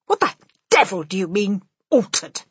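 Lady doing a pompous shouty dad type, bossy and loud, dry close sound. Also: lowish voice, moderate pace, no echo, close to an everyday voice. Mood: blustering. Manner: loud, blustering, indignant. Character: blustering pompous middle-aged hotel guest man.

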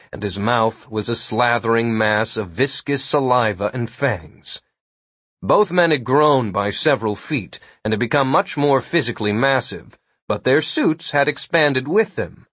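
Husky male audiobook narrator. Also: medium pitch, a bit bright, dry recording. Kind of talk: scripted narration.

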